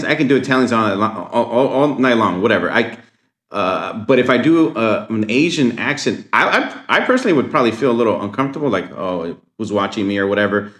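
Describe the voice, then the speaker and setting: A man's voice: mid-range voice, fairly bright tone, roomy sound. A man chatting casually on a podcast, rambling and agreeable with lots of fillers. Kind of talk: casual chat.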